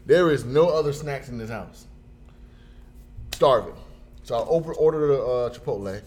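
A man telling a funny everyday story in a casual chat, jumping into high voices when he quotes people. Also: moderate pace, darkish tone.

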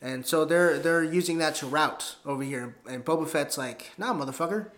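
A man with a slightly higher-pitched voice, chatting casually on a podcast. He retells scenes in an animated, profane way, slipping into quick quoted voices. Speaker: podcast co-host. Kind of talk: casual chat.

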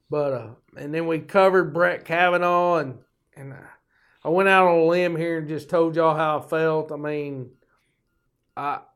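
An older man with a drawl tells a long, rambling story, cussing casually and tossing in jokes as he goes. His voice sits a little above the usual pitch for a man. He sounds like a folksy host talking straight to his listeners. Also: fairly bright tone. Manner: folksy, profane, joking asides. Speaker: podcast host.

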